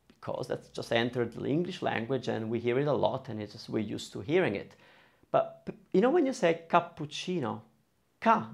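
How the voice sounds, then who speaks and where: A man's voice: medium pitch, gravelly, darkish tone. A man teaching a beginner online lesson, explaining patiently and drawing out syllables and vowel sounds to demonstrate them. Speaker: Italian teacher.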